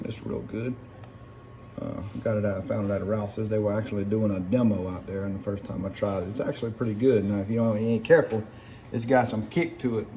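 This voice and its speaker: In a casual cooking demo from his home kitchen, a middle-aged home cook with a South Louisiana accent talks folksily and chattily to viewers, again and again addressing them as guys. His voice is lowish and warm. Pots and utensils clink in the background, along with a little hiss or hum.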